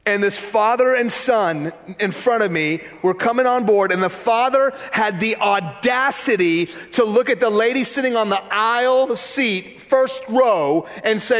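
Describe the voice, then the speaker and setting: A man preaching a sermon, telling a story in a lively, conversational way and acting out the voices of people in it. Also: high-pitched, unhurried, long reverb tail. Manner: animated, conversational, acts out quoted voices. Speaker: pastor.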